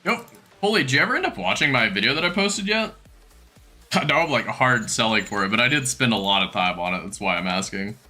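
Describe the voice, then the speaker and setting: A young man chatting on a game live stream with a very bright, forward voice. His pitch swings widely as he rambles and teases himself, laughing often, with faint music under him. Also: lively intonation, brisk. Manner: chatty, self-mocking, laughs easily. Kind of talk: casual live-stream chat.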